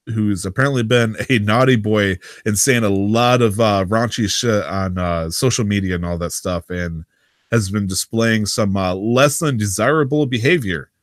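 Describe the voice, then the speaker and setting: A man co-hosting a casual gaming podcast, joking around with drawn-out uhs and a voice that jumps up when he kids. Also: lowish voice, a bit bright, no echo, clean studio sound. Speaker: podcast co-host.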